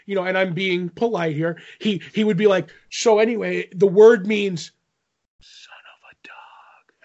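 A man's voice: high-pitched, dull audio. A man chatting casually, telling a rambling convention story and acting out the quotes. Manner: rambling anecdote, lots of "I'm like", acts out quotes. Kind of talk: casual chat.

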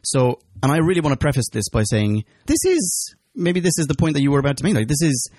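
A man's voice: fairly high pitch, very animated, quick pace, darkish tone, no echo, studio quality. A man co-hosting a casual podcast chat, asking questions, laughing often and restarting his sentences. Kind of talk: casual chat about a TV serial.

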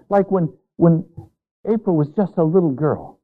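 A man's voice: a little high, huge pitch swings, unhurried. A man pastor preaching a sermon with emphasis, stretching out key words. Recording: tinny, phone-like narrow sound.

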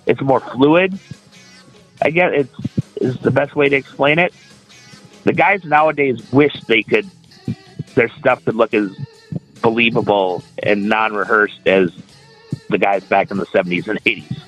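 Male podcast voice, mid-pitched, chatty and self-deprecating, soft music under. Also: measured pace, long pauses, low-quality recording. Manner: chatty, self-mocking humor. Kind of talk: casual podcast chat.

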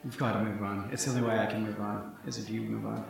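A man playing an awkward young ghost son, halting and shy, full of ums. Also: on the low side, little pitch movement, vocal fry, recorded from a distance, crowd noise. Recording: roomy, from off mic.

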